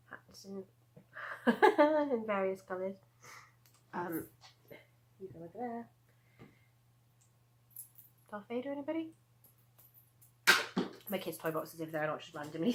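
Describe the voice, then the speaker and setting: Poor audio captures a woman's medium-pitched voice. In her thirties, she's a crochet vlogger at home, casually showing off her handmade crochet work in a rambling show-and-tell chat peppered with laughs and asides.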